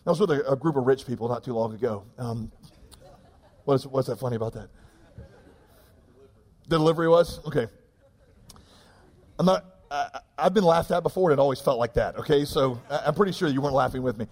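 A man, preaching a sermon in an animated, joking, self-deprecating way. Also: on the high side, a little fast, pauses often, breathy edge, in a large hall. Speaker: pastor.

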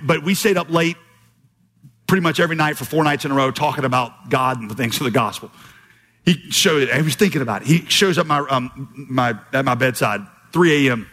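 Male pastor, fairly high husky voice, animated storytelling sermon, big hall reverb.

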